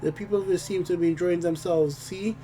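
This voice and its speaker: A man's voice: high voice, fairly even intonation, quick pace, warm tone, far from the mic. A man hosting a game playthrough who reads the story text aloud, often stumbling and rereading phrases. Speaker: let's play host.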